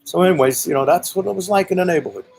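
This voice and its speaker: This Brooklyn man's voice is high and a little mellow with vocal fry, and he talks very fast. In his Brooklyn accent he tells a casual story bluntly and profanely, rambling and saying "you know" often. The recording is low quality, with a little hiss or hum.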